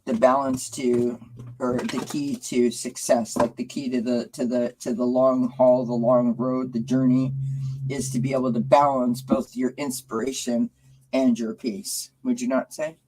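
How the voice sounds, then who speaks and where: A woman's voice: rumbling low, flat delivery, a little slow, mellow, a little hiss or hum, low-quality recording. A woman hosting a live stream as a tarot reader, chatting casually and rambling with loose restarts.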